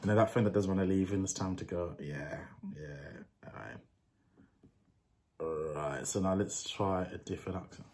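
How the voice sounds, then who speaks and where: A man's voice: low voice, normal speed, darkish tone. A young man vlogging casually to camera, chatty and laughing, with street slang. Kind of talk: casual vlog talk to camera.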